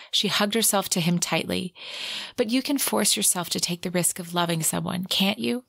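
A woman's voice: on the low side, moderate pace, vocal fry, a bit bright, breathy edge, no room sound, studio quality. A woman co-hosting a book podcast, summing up a romance plot and reading quotes with feeling. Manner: narrates plot with acted quotes. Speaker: podcast co-host. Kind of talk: book recap podcast, reading excerpts aloud.

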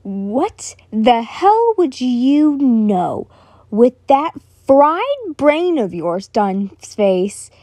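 Brief: woman voicing a foul-mouthed young king, snarling and loud, mellow tone, dry close sound. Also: sits high, very animated, very slow, no echo, full character voice. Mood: angry snarling. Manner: snarling, yelling insults.

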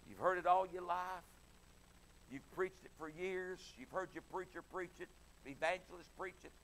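A middle-aged man preaching an evening sermon with passion, dropping soft and then rising loud as he acts out pleading voices. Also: sits high, moderate pace, slight background noise.

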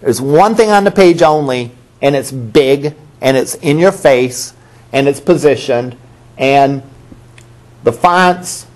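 A man's voice: mid-range voice, takes it slowly, darkish tone. A male college instructor giving a classroom lecture in a conversational way, asking the class questions and repeating the students' answers.

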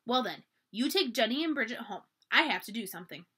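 A woman's voice: on the high side, expressive, a little fast, bright, forceful tone, husky, full character voice. A woman reading aloud as a spirited young girl from long ago, eager and firm with her friends. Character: earnest, spirited young girl, Edwardian era.

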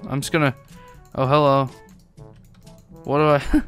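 A young man giving excitable let's-play gaming commentary, swearing often and laughing a lot. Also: mid-range voice, unhurried, clean tone, faint music behind. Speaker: gaming YouTuber.

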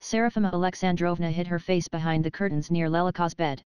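A woman reading an audiobook aloud in a measured, unhurried narration style. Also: lowish voice, fairly even intonation, darkish tone, smooth, dry recording.

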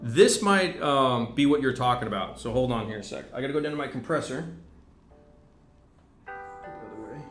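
A man of middling pitch runs a loose, talkative livestream demo on model painting. He rambles between tangents and swears freely. Music plays clearly under his voice. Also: lively intonation, moderate pace, long pauses, a bit bright. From United States. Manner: rambling, chatty, swears casually. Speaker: scale-model painting instructor. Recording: music playing clearly behind the voice.

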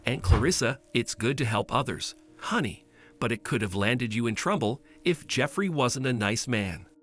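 A man voicing a protective, stern mother who speaks in a sharp, scolding way. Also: mid-range voice, expressive, normal speed.

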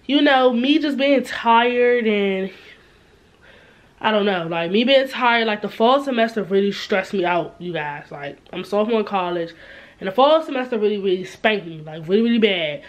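Speaking at normal speed with a medium pitch, a woman in her twenties chats casually to a camera she holds or sets up herself. Her vlog talk is full of fillers and asides to viewers, beginning in a store and ending up in her bedroom.

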